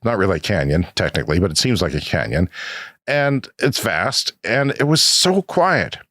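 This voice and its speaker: An older man, co-hosting a podcast and telling a rambling, animated story with chuckles. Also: low voice, normal speed, no echo, clean studio sound. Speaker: podcast co-host. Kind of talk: casual chat.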